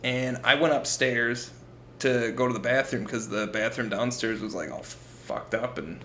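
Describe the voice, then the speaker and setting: Young guy on a podcast telling a wild story, bright voice, echoey room. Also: medium pitch, a little slow, a little hiss or hum. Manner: profane, animated storytelling with acted-out quotes. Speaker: podcast co-host. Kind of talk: casual storytelling chat.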